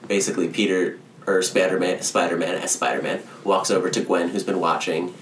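A man's voice: deep voice, fairly even intonation, brisk, reverberant, recorded from a distance, slight background noise. A man co-hosting a podcast, recapping a film in casual chat, rambling with lots of fillers. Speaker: podcast co-host.

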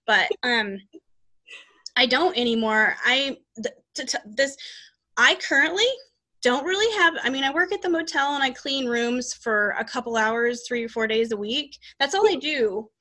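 A woman's voice: high voice, moderate pace, sharp tone. A woman hosting a podcast, chatting casually about her life and her readings in a rambling way with many restarts. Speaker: podcast host and psychic reader.

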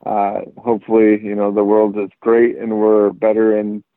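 A man's voice: on the low side, moderate pace, dry recording. A man, chatting casually on a podcast. He tells stories animatedly, acting out every quote. His voice comes through a tinny, phone-like line that sounds dry. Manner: animated storyteller, acts out quotes. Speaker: podcast guest.

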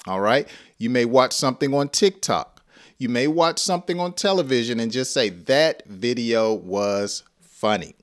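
A man's voice: medium pitch, expressive, normal speed. A man teaching an English lesson, acting out example phrases and often breaking into laughter.

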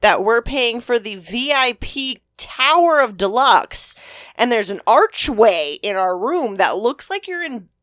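A woman chatting casually as a podcast guest, with a fairly high voice that swings widely in pitch. She talks bluntly, swears freely and laughs often. The sound is dry and close. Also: very animated, a little slow, a bit bright, no room sound. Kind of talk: casual chat.

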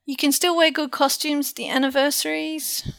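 A woman's voice: high-pitched, flat delivery, normal speed, gravelly, no echo. A woman co-hosting a podcast, chatting casually in a musing way. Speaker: podcast co-host. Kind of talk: casual chat.

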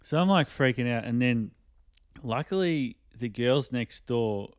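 A man rambles through a story in casual podcast chat, swearing freely and chuckling mid-sentence. His voice is smooth and clean, sitting at a middle pitch, and it is recorded dry and close with no room sound. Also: expressive, measured pace, dry recording. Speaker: podcast co-host.

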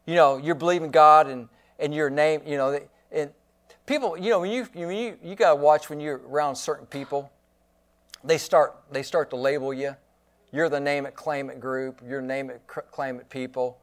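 A man's voice: on the high side, moderate pace. A man preaching a sermon as pastor, emphatic and given to repeating his phrases.

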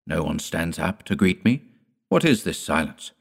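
A man's voice: low voice, big pitch swings, normal speed, gravelly, heavily acted. A man voicing a stern, pale old man who speaks curtly in a hollow voice. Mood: menacing. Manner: curt, commanding.

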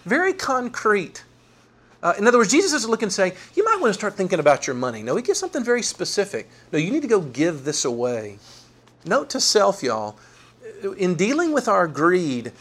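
A man preaching a sermon, animated and playful, acting out the people in the story. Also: high-pitched. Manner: animated, voices Bible figures with playful asides. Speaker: pastor.

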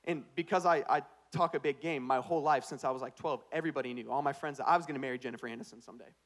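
A young man preaching a sermon as pastor, telling a comic story with put-on voices and swinging between hushed asides and loud punchlines. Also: mid-range voice, very fast.

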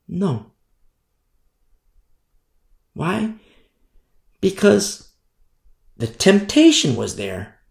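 A man preaching a sermon, emphatic, repeating phrases and letting his voice climb and then drop low. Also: darkish tone, roomy sound.

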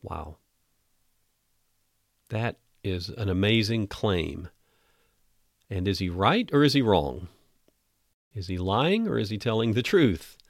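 A man hosting a podcast Bible teaching, earnest and emphatic, reading scripture slowly. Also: fairly low pitch, lively intonation, vocal fry, no echo, clean studio sound.

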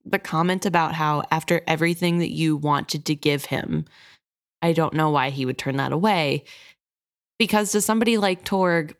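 A woman co-hosting a book podcast, chatting about the story in a lively, opinionated way. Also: low voice. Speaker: podcast co-host.

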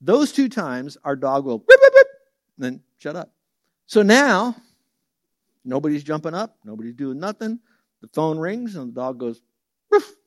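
A man preaching a sermon as a Bible teacher, telling homely stories and leaping up in pitch and volume for the voices he quotes, then dropping soft for the verses. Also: moderate pace, no echo, studio quality. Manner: lively storyteller who jumps high and loud for quoted voices; drops soft and low for reverent verses.

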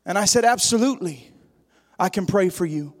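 A man's voice: high voice, lively intonation, moderate pace, long reverb tail. A man preaching a sermon, praying and telling a story, rising at times into a sing-song preaching cadence. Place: church sanctuary.

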